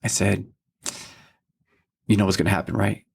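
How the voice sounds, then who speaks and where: With a gravelly, slightly rough and somewhat mellow voice on the low side, a man in his thirties speaks flatly at normal speed. Co-hosting a faith podcast, he shares a story about his son in a casual, earnest, heartfelt way, quoting everyone and frequently saying "you know what I mean."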